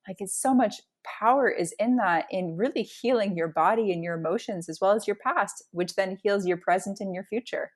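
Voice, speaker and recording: A woman's voice: medium pitch, moderate pace, hardly any pauses. Emphatic woman in spiritual chat. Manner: emphatic, builds up intensity while telling stories. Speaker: podcast guest.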